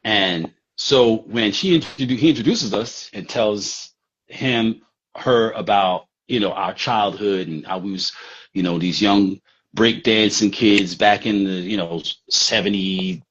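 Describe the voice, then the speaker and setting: Husky New man spinning a street story. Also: fairly low pitch, measured pace, a bit bright. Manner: rambling, streetwise, profane, with fillers. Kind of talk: casual storytelling. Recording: dull lo-fi recording.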